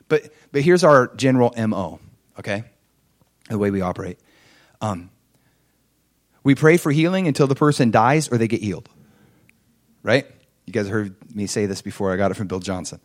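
A man's voice: moderate pace, long pauses. A man preaching a conversational sermon, telling stories, asking the congregation questions and acting out the people in them. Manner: acts out quoted people with big swings in pitch and loudness. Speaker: pastor.

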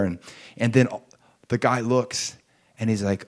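A man's voice: mid-range voice, unhurried, long pauses. Man preaching a sermon story. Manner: acts out quoted voices, swings between hushed and raised. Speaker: pastor.

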